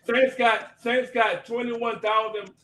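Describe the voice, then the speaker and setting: A man's voice: very high-pitched, little pitch movement, takes it slowly. A man arguing heatedly in a sports debate, cursing and repeating himself over the others. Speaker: debate panelist. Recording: echoey, distant room mic with faint noise.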